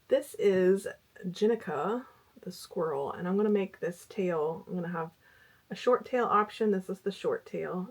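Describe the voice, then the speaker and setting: Middle-aged woman crochet vlogger, husky and low-pitched, rambling and chatty. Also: darkish tone. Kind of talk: casual chat.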